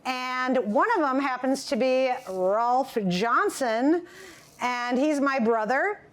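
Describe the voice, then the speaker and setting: Woman from wisconsin, slightly high voice, slow and hesitant intro. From Wisconsin, USA. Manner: unhurried, hesitant with fillers. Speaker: restaurant owner introducing video. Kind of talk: casual introduction.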